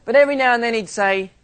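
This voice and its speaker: A man's voice: very high-pitched, fairly bright tone. A man from Australia with an Australian accent, a minister giving a theology lecture full of humorous, self-mocking stories.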